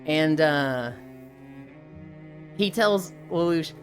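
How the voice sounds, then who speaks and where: A young woman streaming live and chatting casually, retelling an anime with lively, profane commentary and acted quotes. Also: low voice, extremely slow, faint music behind.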